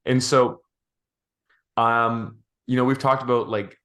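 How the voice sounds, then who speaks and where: A man co-hosting a podcast, thinking out loud in a rambling, thoughtful way with many restarts. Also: mid-range voice, level tone, slow pace. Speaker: podcast co-host. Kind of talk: casual podcast chat.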